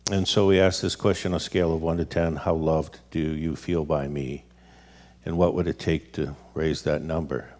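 A middle-aged man speaking on relationships in a relaxed conversational talk, telling family stories and acting out the people he quotes. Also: very deep voice, moderate pace. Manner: storytelling, animated quoted voices.

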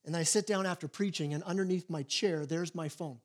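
A man with a notably high voice delivers a sermon as pastor. He tells stories in an animated way, stumbles into quick restarts and acts out the quotes he uses. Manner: animated storytelling with acted quotes and repeated restarts.

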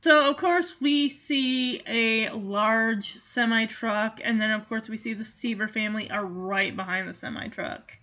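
A woman giving a chatty, animated casual recap of a movie, with asides to the listener. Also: fairly high pitch, a little slow, hardly any pauses, muffled recording.

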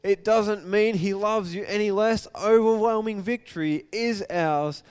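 A man preaching a sermon, retelling scripture and acting out the quoted lines, swinging from loud and excited to hushed and soft. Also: high voice, measured pace, clean tone.

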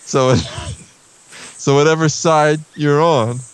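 A man's voice: a little high, steady tone, slow pace, slight background noise. A man playing a rambling father teaching his son to camp in an improvised comedy scene, chuckling and drifting into absurd tangents. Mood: earnest. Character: rambling middle-aged father teaching camping.

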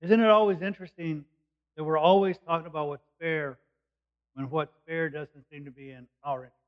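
A man's voice: on the high side, fairly even intonation, fairly quick, clear, resonant tone. A man preaching a sermon, explaining a passage verse by verse in plain, conversational words. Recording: dull lo-fi recording.

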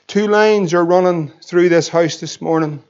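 A man's voice: high-pitched, a little slow, darkish tone, clear, resonant tone, muffled recording. A man in his thirties with a Northern Irish accent, preaching a sermon with fervent, emphatic questions. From Northern Ireland. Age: 30s. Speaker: pastor.

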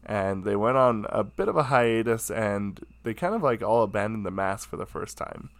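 A man's voice: on the low side, expressive, moderate pace, vocal fry, dry recording. A man telling a casual, self-mocking anecdote from his room at home, chatty and full of fillers. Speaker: storyteller.

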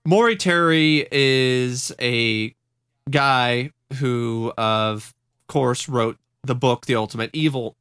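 A man's voice: medium pitch, slow pace, fairly bright tone, clean tone, no echo, studio quality. A man hosting a casual podcast, telling a story in a wry, rambling way with frequent laughs. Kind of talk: casual chat.

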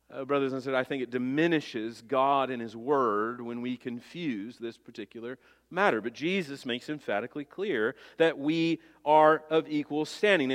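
A man's voice: on the high side, fairly bright tone, long reverb tail. A man pastor preaching a sermon, earnest and emphatic, putting rhetorical questions to his congregation.

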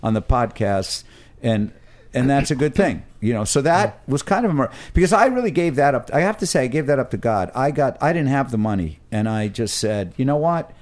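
Animated storytelling man. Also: medium pitch, brisk, few pauses. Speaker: guest podcaster. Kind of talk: casual chat. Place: home podcast studio.

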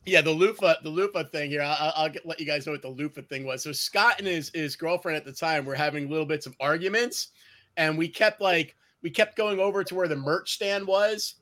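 A man on a video call telling profane, laughing party stories to friends in casual chat. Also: a little high. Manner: profane, laughing, animated storyteller. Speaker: host reminiscing with friends.

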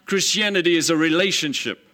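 A male pastor delivering a sermon with a bright, ringing tone, pitched a little high. He preaches emphatically and acts out the scenes he retells. His pace speeds up and slows down as he presses each point.

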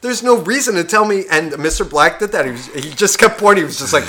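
A man's voice: sits high, quick pace, few pauses. A man co-hosting a casual podcast, telling comic stories with lots of swearing and acting out what other people said. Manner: animated, swears a lot, acts out other people's lines. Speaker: podcast co-host. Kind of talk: casual chat, comic storytelling.

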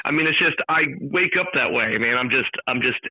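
A man calling in as a sports announcer, telling an excited, jokey story at a rapid clip. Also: mid-range voice, breathy edge, no echo. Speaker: guest, sports play-by-play announcer. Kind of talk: animated storytelling chat. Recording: tinny phone line.

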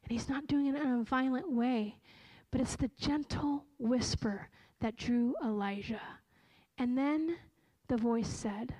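A woman preacher giving a sermon in an earnest, slow and emphatic way, often correcting herself mid-phrase. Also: a little high, darkish tone, rough recording.

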